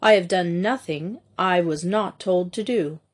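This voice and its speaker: A woman doing a rasping British mechanic. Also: lowish voice, measured pace. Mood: stiff. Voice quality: raspy. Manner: stiff, stubborn, chanting. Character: hypnotized British male mechanic, stiff and rasping.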